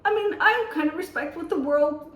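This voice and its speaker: A woman vlogger telling a story to camera in a casual, animated way, laughing here and there. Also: very high voice, moderate pace, roomy sound, far from the mic, low-quality recording. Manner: chatty, animated, with laughs, on the defensive.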